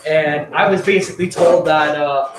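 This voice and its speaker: Young man, slightly high voice, casual profane storytelling, lots of fillers. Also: fairly even intonation, moderate pace, music in the background. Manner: rambling, profane, filler-heavy. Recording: echoey room.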